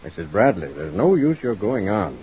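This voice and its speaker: A man's voice: fairly low pitch, very animated, moderate pace. A man playing a formal, patient postal official in an old radio drama, on a dull, faintly hissy recording. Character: stiff, polite male postal official, Mr. Rogers. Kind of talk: 1940s radio drama acting.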